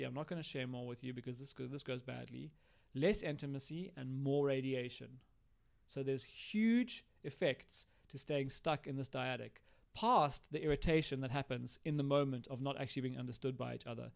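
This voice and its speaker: Male teacher on a live stream, gravelly voice, explanatory and hands-on with examples. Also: medium pitch. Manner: explanatory, acts out example lines. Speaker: recovery educator.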